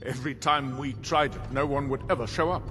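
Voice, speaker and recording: An actor playing a cautious, practical guard captain who speaks firmly and measuredly. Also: male voice, mid-range voice, steady tone, bright, forceful tone, long reverb tail, slight background noise, close to an everyday voice. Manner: firm, measured.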